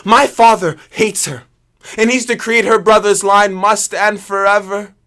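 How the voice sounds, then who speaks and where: A man's voice: high-pitched, fairly even intonation, unhurried, pushed and bright. A man playing a brooding young prince. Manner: brooding, earnest, often subdued. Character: young prince torn by forbidden love. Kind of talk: stage drama acting.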